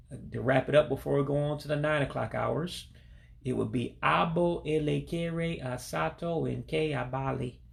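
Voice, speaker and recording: A man giving a casual spoken language lesson, patiently repeating each phrase slowly and then at speed. English is his first language, and he speaks from his home in Alabama. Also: mid-range voice, gravelly. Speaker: language learner teaching vocabulary.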